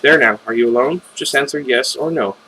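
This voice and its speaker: A man voicing a soft-spoken woman caller who threatens in a light, friendly tone while reading a story aloud. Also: mid-range voice, fairly quick, a little hiss or hum, close to an everyday voice, rough recording. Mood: calmly menacing. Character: calm, menacing woman caller on phone.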